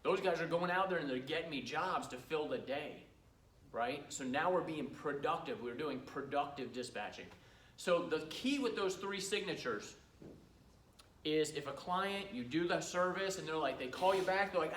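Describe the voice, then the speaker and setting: A man's voice: on the high side, expressive, normal speed, a bit bright, echoey room, recorded from a distance, slight background noise, low-quality recording. A middle-aged man running a cleaning business gives a casual training talk to a live audience, telling stories and acting out customers' lines. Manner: chatty storyteller who acts out customers' lines.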